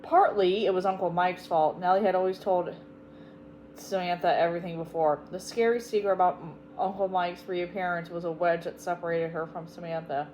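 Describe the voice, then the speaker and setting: A woman hosting her own channel, reading a children's storybook aloud with expressive, emphatic delivery. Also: lowish voice, brisk, a little hiss or hum, poor audio. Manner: expressive, emphatic, tender at sad parts. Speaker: audiobook reader, channel host.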